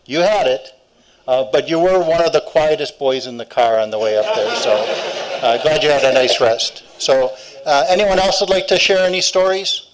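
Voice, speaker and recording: A man's voice: a little high, lively intonation, moderate pace, rough recording. Man inviting others to share stories.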